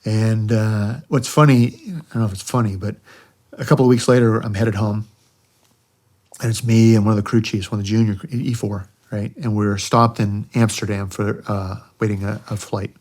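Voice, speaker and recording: Low-voiced middle-aged man telling war stories. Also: steady tone, normal speed, a little mellow. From United States. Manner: conversational, acts out quoted voices, frequent "you know". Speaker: guest, retired army helicopter pilot. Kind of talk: candid war storytelling. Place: podcast studio.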